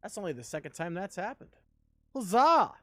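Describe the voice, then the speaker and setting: A man chats casually while streaming a game, joking and rambling between actions. His voice sits a bit high and leaps around in pitch. It sounds close and dry. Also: sing-song, measured pace, no echo. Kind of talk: casual live-stream chat while gaming.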